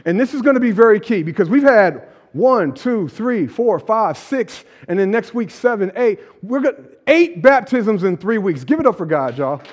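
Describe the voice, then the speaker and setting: A man's voice: sits high, big pitch swings, normal speed. A pastor preaching a sermon to his congregation, casual and conversational, building emphatic repeated lines. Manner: preaching with emphatic repetition and rising calls.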